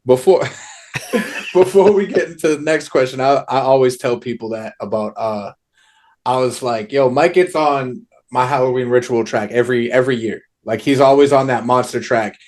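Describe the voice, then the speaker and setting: A man hosts an interview in a casual, easygoing chat. His voice sits at a middle pitch for a man, and he laughs readily between remarks. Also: moderate pace. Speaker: interviewer, host. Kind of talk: casual conversation.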